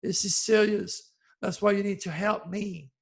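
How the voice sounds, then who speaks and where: An older man in his seventies delivers a fervent, sermon-like monologue to his followers. His voice sits high for a man, with a gravelly fry and a husky, breathy texture. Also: steady tone, a little slow. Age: 70s. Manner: impassioned, preachy, addresses listener as "my good friend". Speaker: astrologer host. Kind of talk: direct-to-camera monologue.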